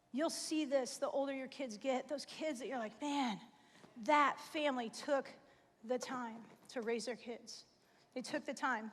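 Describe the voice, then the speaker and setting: A woman in her forties giving a casual, emphatic sermon to parents in a church, full of "like" and "right?". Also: sits high. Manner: chatty, emphatic, fillers like "like" and "right?". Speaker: church speaker. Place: church sanctuary. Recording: long hall reverb.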